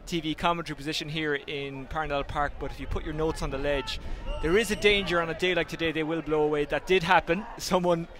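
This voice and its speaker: A man's voice: a little high, fairly even intonation, a bit bright. An Irish man, slightly out of breath, calling live hurling play-by-play from a commentary position at an outdoor ground. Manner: brisk play-calling, self-deprecating asides. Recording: noisy outdoor stadium feed.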